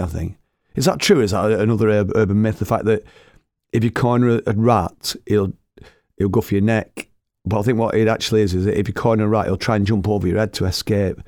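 A chatty storyteller with a low, gravelly voice, rambling from one tale to the next. The recording is dry and close, with hardly any room sound. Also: male voice, a little mellow, no echo. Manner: rambling, chatty, laughs at his own tales. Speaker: storyteller and former radio host. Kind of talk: casual anecdotal storytelling.

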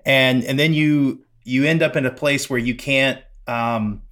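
Male podcast host, easygoing, mid-pitched, rambling interviewer. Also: a little slow. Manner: relaxed, rambling questions with restarts. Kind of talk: casual interview conversation.

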